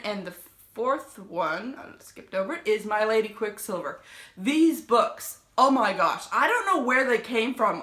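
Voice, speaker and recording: A young woman from the United States vlogging about her favorite books, gushing and excitable, rambling and correcting herself as she goes. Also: medium pitch, roomy sound. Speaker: book vlogger. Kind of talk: casual book review vlog.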